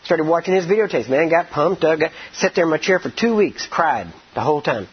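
Husky-voiced preacher telling stories. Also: male voice, a little high, expressive. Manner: rambling, repeats "I mean" and "you know", acts out quoted speech; slows down and stresses words when teaching scripture. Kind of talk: sermon with storytelling. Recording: dull lo-fi recording.

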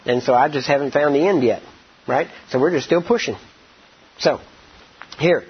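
A man preaching a sermon, rambling with many "I mean" and "you know", acting out quoted speech and slowing down to stress scripture. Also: fairly high pitch, breathy edge. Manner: slows down and stresses words when teaching scripture. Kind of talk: sermon with storytelling. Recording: dull lo-fi recording.

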